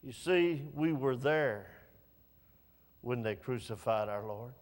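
A man preaching a sermon, dropping to hushed low passages and rising to pleading, raised lines. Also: animated, slow pace, big-room sound.

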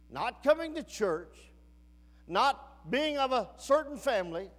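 A man preaching a sermon to a church congregation, rising and falling in pitch and slowing down to stress his points. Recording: long hall reverb.

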